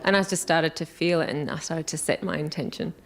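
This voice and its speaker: A woman volunteer at a workshop, answering questions in a hesitant, soft-spoken way. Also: sits low, steady tone, brisk.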